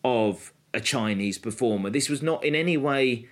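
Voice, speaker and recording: A man with a medium-pitched voice co-hosts a podcast, telling history stories in a casual, explanatory way and slowing down for the dramatic moments.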